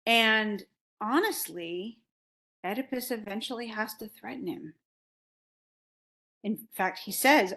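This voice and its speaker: A woman's voice: mid-range voice, unhurried, fairly bright tone. A woman lecturing on a classic play, casually retelling scenes and acting out the characters' lines in everyday words. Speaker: literature instructor.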